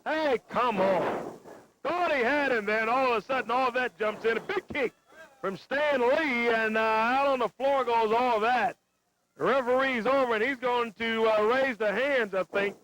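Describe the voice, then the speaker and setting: A man doing excitable play-by-play for a wrestling match. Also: very high-pitched, unhurried. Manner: excitable, exclaiming calls. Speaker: play-by-play announcer. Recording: noisy lo-fi TV broadcast.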